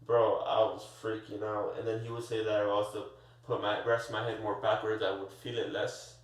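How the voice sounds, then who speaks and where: A man telling a story in casual podcast chat, animated and full of slang, stumbling over his words and restarting. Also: on the low side, fairly quick. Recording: roomy echo, far from the mic.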